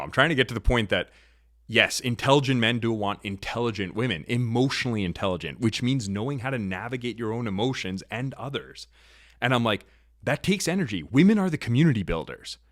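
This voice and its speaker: A man hosting a talk show, giving an opinionated monologue in an assertive, lecturing way that swings in pitch and loudness. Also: dry recording, clean studio sound. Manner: assertive, lecturing, shifts pitch and volume often. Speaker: podcast host.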